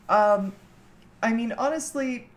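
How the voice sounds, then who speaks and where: A young woman from Canada chatting casually with her livestream chat from home, teasing and laughing often. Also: a little high. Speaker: streamer.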